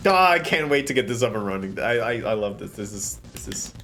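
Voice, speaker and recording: A man's voice: on the low side, animated, brisk, few pauses, pushed and bright, faint music behind. A man streaming live, chatting casually while setting up an avatar, often slipping into playful theatrical bits.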